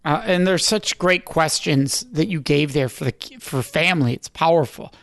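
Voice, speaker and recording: A man's voice: a little high, normal speed, vocal fry, fairly bright tone, no room sound, studio quality. A man hosting an interview podcast, reflecting on and affirming his guest's points. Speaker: podcast host. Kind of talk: interview chat.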